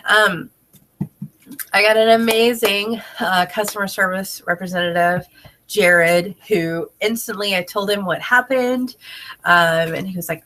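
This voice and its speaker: A woman's voice: mid-range voice, fairly even intonation, measured pace, sharp tone, a little hiss or hum. A woman selling home products, a bit congested, telling a chatty story to camera at home and laughing often. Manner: chatty, laughs often, talks to her child between sentences. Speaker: direct sales consultant. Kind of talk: casual video tutorial. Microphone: camera mic, talking to camera.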